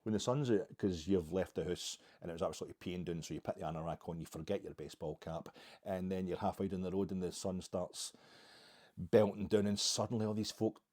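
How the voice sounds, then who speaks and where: Scottish male podcast host, deep and mellow voice, wry and rambling. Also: steady tone, fairly quick. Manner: rambling, self-mocking, wry. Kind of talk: casual monologue.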